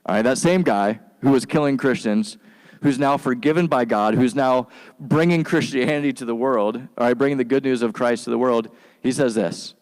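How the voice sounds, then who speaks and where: A male pastor preaching in a loose, conversational style, full of slang and asides. His voice sits at an ordinary pitch and carries a long reverb from a large hall. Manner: relaxed and slangy, acts out quick voices for biblical figures. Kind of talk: casual conversational sermon.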